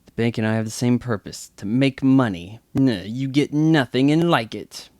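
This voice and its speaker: A man's voice: mid-range voice, moderate pace, a little mellow, no echo, clean studio sound, lightly acted. A man voicing a greedy, mean older woman in an over-the-top mock delivery. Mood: sneering.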